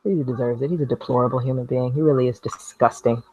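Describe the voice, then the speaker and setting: A woman's voice: extremely low pitch, steady tone, quick pace, darkish tone, breathy edge, lo-fi sound. Blunt, sarcastic woman ranting on a vlog. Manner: sarcastic, blunt, swears freely. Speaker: video blogger. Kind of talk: casual talking-to-camera rant. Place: home, sitting while crafting with a glue gun.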